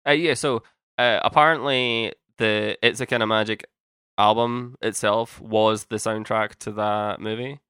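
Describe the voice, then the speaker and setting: A man's voice: lowish voice, steady tone, a little slow, bright, forceful tone, clean tone, no echo, clean studio sound. A young man co-hosting a casual podcast chat, rambling and cutting himself off mid-sentence, swearing casually now and then. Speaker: podcast co-host.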